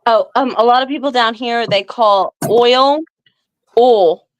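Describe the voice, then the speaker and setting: A woman's voice: a little high, normal speed, muffled recording, slight background noise. A woman from the American South with a Southern drawl, joking playfully and teasing herself in casual stream banter. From Southern United States. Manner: playful, drawling, self-mocking.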